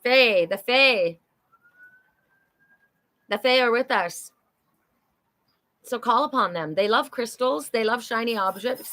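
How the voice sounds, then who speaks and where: A woman's voice: on the high side, slow, pauses often, pushed and bright. A middle-aged woman hosting a live oracle card reading, chatty and upbeat as she talks to viewers. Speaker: oracle card reader and psychic host.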